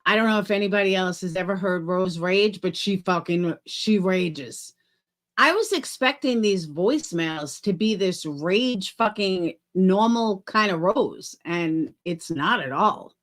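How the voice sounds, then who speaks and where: A woman's voice: fairly low pitch, animated, measured pace. Candid woman panelist in casual chat. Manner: candid, swearing. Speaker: stream panelist.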